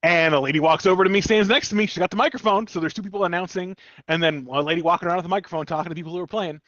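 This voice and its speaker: Streamer guy, higher voice, swears a lot, dull dry lo-fi mic. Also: rapid-fire, no room sound. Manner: swearing animated storyteller. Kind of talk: casual gaming chat.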